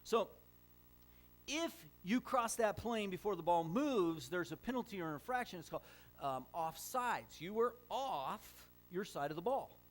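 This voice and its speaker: A man's voice: high-pitched, lively intonation, moderate pace. A middle-aged man preaching a sermon as a pastor, telling stories conversationally with frequent fillers and restarts.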